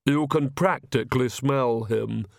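A man voicing a self-assured, attractive young man who talks slowly and slyly. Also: medium pitch, gravelly, no room sound, clean studio sound.

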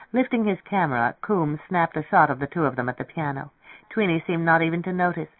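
A narrator giving a measured, steady reading of a novel. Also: mid-range voice, no room sound. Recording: tinny, dry radio broadcast.

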